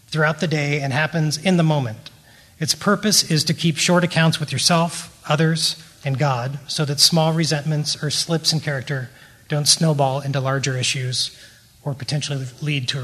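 Brief: middle-aged male recovery teacher, slightly higher voice, measured, earnest, reading prepared notes. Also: fairly bright tone.

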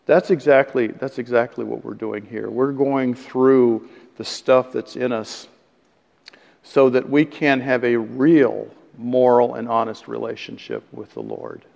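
A man's voice: mid-range voice, gravelly, mellow. A man preaching a conversational sermon, joking about himself and chuckling now and then. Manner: conversational, self-deprecating, chuckles at own jokes. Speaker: pastor. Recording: dull sound with long hall reverb.

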